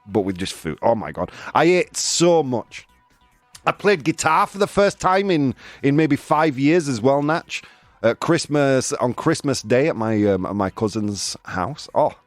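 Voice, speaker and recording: A man hosting a radio show, chatting loosely and poking fun at himself. His pitch swings lively and the studio sound is dry and close. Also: no echo. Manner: jokey, self-mocking, laughs often. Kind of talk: casual radio chat.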